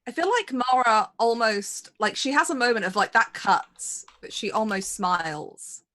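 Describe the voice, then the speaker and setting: A woman's voice: on the high side, animated, unhurried, bright, forceful tone. A woman player in a tabletop game who casually narrates her character's feelings and hedges often with "like". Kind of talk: casual role-play narration.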